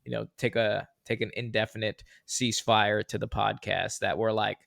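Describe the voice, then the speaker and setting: Young male podcast co-host, gravelly and lively, bursts into mock voices, dry booth sound. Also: lowish voice, moderate pace, no room sound. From California. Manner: animated, jumps into loud mock voices. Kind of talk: casual chat.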